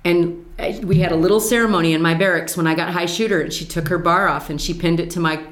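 An older woman, a former Marine, telling stories from her service in an animated, laughing conversational way. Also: fairly low pitch, fast talker, echoey room. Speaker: veteran telling her story. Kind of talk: casual storytelling chat.

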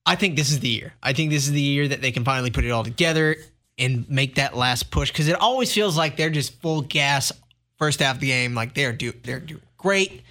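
A man's voice: mid-range voice, a little fast, bright, forceful tone. A man co-hosting a sports talk show, chatting casually and teasing his co-hosts playfully.

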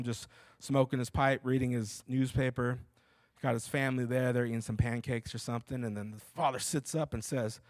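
A man's voice: medium pitch, no room sound. A male pastor preaching a conversational sermon, emphatic and repeating key points, with casual asides.

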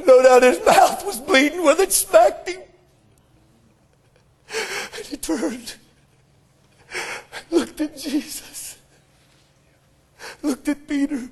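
Very high-voiced fervent preacher man. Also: takes it slowly, pauses often. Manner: fervent, rising into shouts. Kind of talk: sermon.

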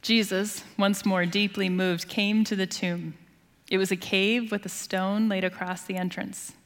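A woman pastor preaching a sermon in an earnest, expressive storytelling manner, dropping to a hushed voice at tender moments. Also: lowish voice, moderate pace. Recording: long hall reverb.

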